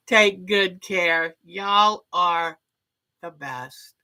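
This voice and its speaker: A woman chats her way through a quilting livestream. Her voice is bright and clear, and she talks at an unhurried pace, greeting viewers by name as she goes. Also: mid-range voice, poor audio. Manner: chatty, warm sign-offs, talks to viewers by name. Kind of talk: casual livestream chat.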